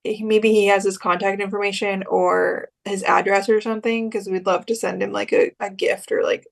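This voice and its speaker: A woman's voice: mid-range voice, flat delivery, moderate pace, vocal fry. A young woman co-hosting a podcast, telling a story in a chatty way and acting out the quoted lines. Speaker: podcast co-host. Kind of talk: casual chat.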